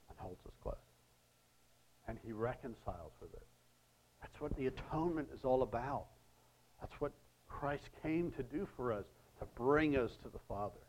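A middle-aged man preaching a sermon, reading scripture aloud with pauses and talking to listeners in conversational asides. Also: medium pitch, animated, a little mellow, breathy edge, low-quality recording.

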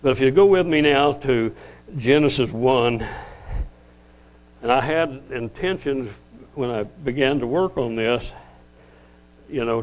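An older man teaches from the Bible in a loose, conversational sermon. He circles back and corrects himself often, then slows right down to read verses aloud. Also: mid-range voice, a little mellow, low-quality recording. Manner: rambling, self-correcting, conversational. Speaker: lay preacher.

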